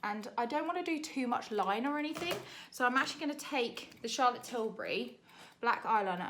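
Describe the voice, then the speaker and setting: A young British woman, a makeup artist, chatting to camera in a rushed, laughing tutorial while doing her makeup. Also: a little high, animated, a bit bright, a little hiss or hum. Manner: chatty, rushed, laughing under time pressure.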